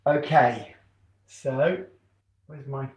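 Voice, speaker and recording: A man's voice: medium pitch, very slow, a little mellow. A man leading a drama club over a video call, chatty and encouraging as he fumbles with the setup.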